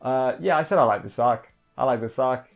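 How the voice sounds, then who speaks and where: A man's voice: mid-range voice, a little fast, gravelly, dull audio, soft background music. A man casually reviewing an anime episode, rambling off the cuff and correcting himself as he goes.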